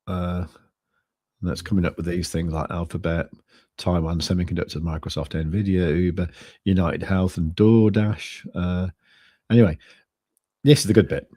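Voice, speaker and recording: Low-voiced man rambling casually. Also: fairly even intonation, dark tone, dry recording, clean studio sound. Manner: rambling, halting, many restarts and fillers. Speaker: co-host of a crypto trading stream. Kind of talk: casual chat.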